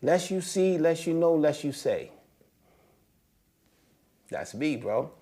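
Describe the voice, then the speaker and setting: Male guest, loose street talk, animated storyteller, voice spikes up when excited. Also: slow pace. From United States. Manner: animated storytelling, slangy and profane, voice rising high when excited. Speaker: interview guest. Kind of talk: casual conversation.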